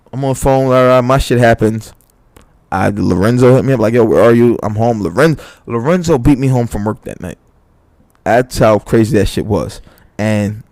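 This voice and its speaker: A man's voice: mid-range voice, no room sound, studio quality. A young man co-hosting a podcast, telling a story in casual chat, swearing freely and acting out quoted lines. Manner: animated, swearing, acts out quotes in a raised voice. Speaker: podcast co-host.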